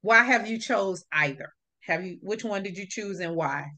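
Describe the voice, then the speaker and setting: A woman's voice: mid-range voice, moderate pace, bright, forceful tone. A woman hosting a casual chat, emphatic and agreeable, moving through prepared questions. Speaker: host.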